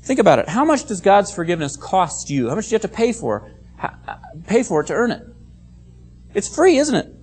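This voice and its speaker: A preacher delivering a sermon with a voice that rises and falls a great deal. The tone is emphatic and teaching, driving points home through repetition and careful explanation of scripture. The pitch sits in a middle range. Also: very animated, a little fast, darkish tone, slightly rough. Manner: emphatic, repeats key phrases; explains Bible words and reads scripture aloud. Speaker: pastor.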